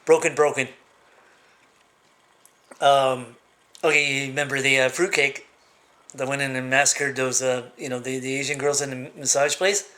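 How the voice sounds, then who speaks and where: A man vlogging in a casual monologue, rambling and halting with lots of fillers and restarts, giving blunt, opinionated rants. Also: mid-range voice, level tone, bright, forceful tone.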